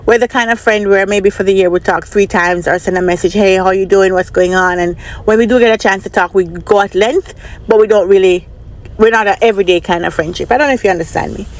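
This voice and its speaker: A woman's voice: medium pitch, fast talker. A woman vlogger telling a personal story in a casual, chatty way, often repeating herself and asking the viewer what they think. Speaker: vlogger and business analyst trainer.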